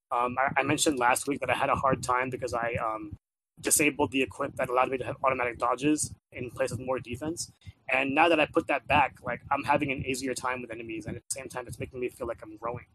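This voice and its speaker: A man chats casually about a video game he has been playing. He rambles, using lots of filler words and repeating himself as he restarts sentences. His voice sits at a middle pitch, and there is a faint hiss in the background. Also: fairly bright tone, low-quality recording. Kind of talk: casual chat.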